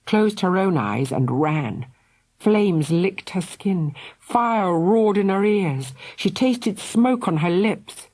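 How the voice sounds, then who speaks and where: Expressive woman reading a story. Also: fairly low pitch, breathy edge. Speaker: audiobook narrator. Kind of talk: scripted narration.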